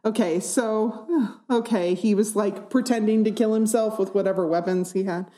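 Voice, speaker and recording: A woman's voice: medium pitch, moderate pace. A woman co-hosting a casual podcast chat, reading online reviews aloud and giggling through them. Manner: giggly, animated storyteller. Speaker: podcast co-host.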